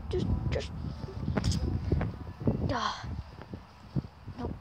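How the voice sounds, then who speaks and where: A young woman vlogging outdoors while walking her dog, pleading and exasperated as she coaxes him along, recorded on a handheld camera. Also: extremely slow. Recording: loud outdoor noise on camera mic.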